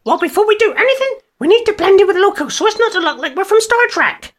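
A woman playing a brisk, bossy female ship captain in an amateur audio drama. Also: very high-pitched, lively intonation. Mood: commanding. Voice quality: brisk, commanding.

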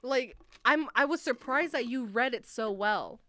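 A young woman co-hosting a casual chat, talking in a relaxed, laid-back way. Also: a little high, measured pace, dry recording.

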